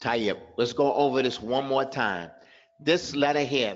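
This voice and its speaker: A man teaching a live online pronunciation lesson, repeating example words and asking his students quick questions. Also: fairly high pitch, animated, muffled recording. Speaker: tajweed teacher.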